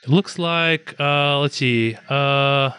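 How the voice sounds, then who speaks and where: A man narrating a tabletop game as game master, relaxed and halting, with many fillers. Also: medium pitch, clear, resonant tone.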